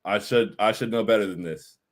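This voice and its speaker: Hosting a casual livestream chat, a man reads out viewer comments and answers with hype, slang and emphasis, repeating phrases as he goes. His voice is lowish and brisk.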